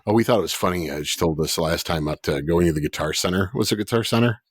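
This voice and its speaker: A man hosting a podcast, chatting in a relaxed, easygoing way with plenty of "uh" fillers. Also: low voice, quick pace, slightly rough, no room sound, studio quality. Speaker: podcast host. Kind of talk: casual chat.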